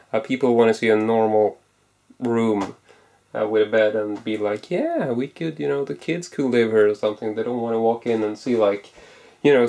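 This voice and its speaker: A man's voice: mid-range voice, a little mellow. A man chatting casually in a vlog as a movie collector, rambling with lots of fillers and restarts, in an indoor room holding his collection. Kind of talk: casual chat.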